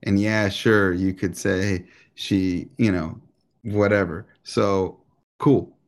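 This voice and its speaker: A man's voice: deep voice, steady tone, takes it slowly. A man co-hosting a podcast, joking and rambling in a loose, profane way. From United States. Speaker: podcast co-host. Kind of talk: casual podcast banter.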